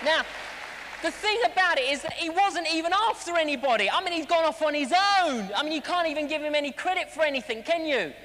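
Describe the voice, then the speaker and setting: A man's voice: very high voice, brisk, a little hiss or hum. A man preaching a sermon at a live celebration, telling stories with jokes and acted-out voices. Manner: animated storytelling, acting out voices and jokes. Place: large hall at a live celebration. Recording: long reverb of a big hall.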